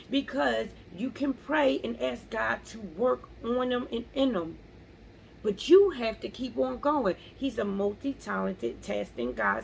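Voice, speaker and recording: A woman's voice: on the high side, vocal fry, darkish tone, a little hiss or hum, rough recording. A woman vlogger speaking earnestly about faith and pressing on, repeating key phrases for emphasis. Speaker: motivational vlogger. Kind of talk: casual faith-based encouragement.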